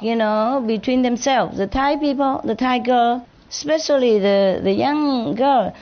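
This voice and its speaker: A woman's voice: a little high, measured pace, few pauses, some chatter behind. A woman teacher speaking informally to an audience, playful and laughing often, sometimes imitating accents. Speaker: spiritual teacher answering an audience. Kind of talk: informal gathering talk with audience. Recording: muffled recording with audience and noise.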